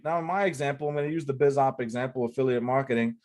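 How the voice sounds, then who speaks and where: A man gives a casual whiteboard lesson on online selling. His delivery is loose and chatty, with a mid-pitched voice and constant "like" and "right?" tags. He drives points home by repeating key phrases. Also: very fast, a little mellow. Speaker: online marketing coach.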